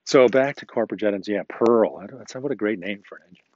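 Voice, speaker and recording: A man's voice: fairly low pitch, fast, a little mellow, dry recording. A middle-aged man hosting a casual podcast while walking his dog outdoors, rambling and joking in an easygoing way. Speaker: podcast host. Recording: dull lo-fi outdoor recording.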